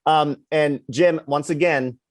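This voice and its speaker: A man co-hosting a podcast, chatting in a playful, animated way and reading out a list of nominees. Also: on the high side, takes it slowly, dry recording, studio quality. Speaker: podcast co-host. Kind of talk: casual chat.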